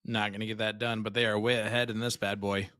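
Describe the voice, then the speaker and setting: A man's voice: on the low side, little pitch movement, fast talker, pushed and bright, no room sound, clean studio sound. A man co-commentating a live darts stream, joking and teasing his partner. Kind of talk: live sports commentary, casual banter.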